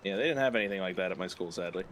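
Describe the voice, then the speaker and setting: A young man on a gaming stream, playful and quick with reactions and jokes. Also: low-pitched, fairly bright tone, slight background noise. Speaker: streamer co-host. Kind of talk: casual gaming stream chat.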